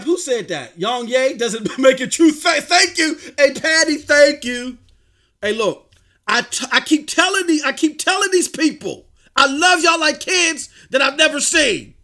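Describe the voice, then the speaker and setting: A man hosting a live stream, talking excitedly about gaming with frequent shouted bursts. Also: very high voice, measured pace. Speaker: livestream host.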